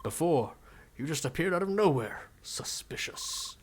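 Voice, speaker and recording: A man's voice: fairly high pitch, lively intonation, measured pace, a little hiss or hum. A man voicing a pompous young male gamer who lectures and plays at being a moderator, reading game dialogue aloud. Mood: accusing. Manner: self-righteous, lecturing.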